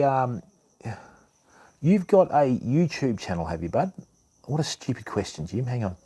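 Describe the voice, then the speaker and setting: A man's voice: mid-range voice, big pitch swings, a little slow, long pauses, warm tone, slightly rough. An Australian man hosting a fishing channel, chatting casually with viewers, calling everyone mate and bud, with lots of ums. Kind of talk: casual live stream chat with viewers.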